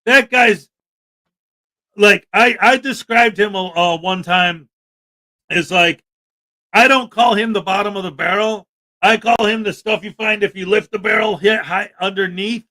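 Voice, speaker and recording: A man's voice: sits high, unhurried, sharp tone. A man hosting a livestream, talking in an indignant, emphatic rant and reading out chat. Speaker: livestream host. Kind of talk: livestream commentary.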